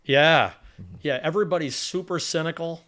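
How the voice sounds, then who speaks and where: Brief: older male co-host, slightly high voice, lively, acts out quotes in movie chat. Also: normal speed. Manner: animated, acts out quoted lines with emphasis. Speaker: co-host of a movie review show. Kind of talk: casual movie discussion.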